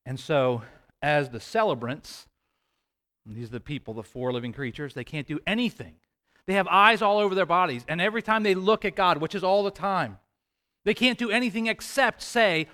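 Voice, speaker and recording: A man preaching a sermon, swinging between hushed asides and loud emphatic declarations, with playful joking asides. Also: high-pitched, normal speed.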